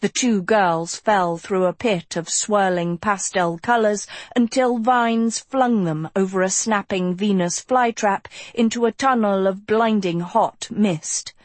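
Slow, measured woman narrating a story. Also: medium pitch, dry recording. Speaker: audiobook narrator.

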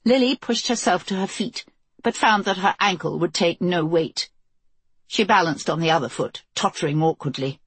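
A woman narrating an audiobook in a measured, intense storytelling manner. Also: deep voice, slightly rough, dry recording. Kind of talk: scripted narration.

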